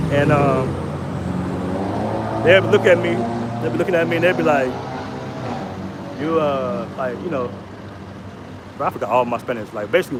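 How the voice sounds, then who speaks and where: An American man vlogs in a loose, slangy way and gets animated when he retells conversations. His voice sits a little high for a man. The recording is noisy, with street traffic clearly audible behind him. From United States. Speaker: vlogger. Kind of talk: casual vlog storytelling.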